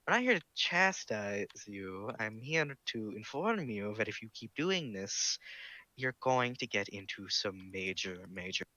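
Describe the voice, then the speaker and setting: A man voicing a big, polite male superhero in a tabletop game, speaking with earnest, halting concern. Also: lowish voice, lively intonation, pushed and bright, no room sound.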